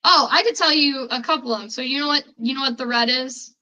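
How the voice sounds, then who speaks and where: A woman's voice: high voice, fast talker, bright, forceful tone, muffled recording. A young woman with a Chicago accent hosting a casual podcast quiz, chatty and rambling, with many fillers and restarts. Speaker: podcast host running a quiz. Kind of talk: casual chat.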